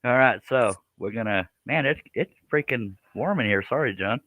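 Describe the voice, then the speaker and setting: A man's voice: mid-range voice, expressive, moderate pace, pushed and bright, dry recording, muffled recording. A man hosts a casual scroll saw livestream, folksy and self-deprecating, laughing often. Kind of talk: casual chat.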